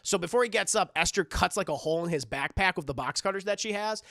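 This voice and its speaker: A man's voice: high voice, fast talker, vocal fry, pushed and bright, no echo. A man recapping a movie plot casually, rambling, stammering and swearing as he goes, on a close dry mic. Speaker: movie reviewer streamer.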